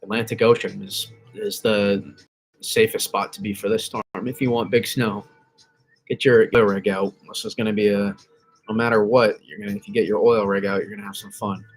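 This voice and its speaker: Over soft background music, a man on the low side with little pitch movement speaks at normal speed as he hosts a laid-back weather stream. He wanders through the model maps, fixing his own slips and responding to chat.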